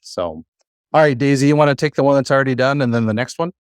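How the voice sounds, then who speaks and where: A man's voice: mid-range voice, fast, clear, resonant tone, dry recording, studio quality. A man teaching a classroom lesson, patient and encouraging, with many fillers. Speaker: Hebrew teacher.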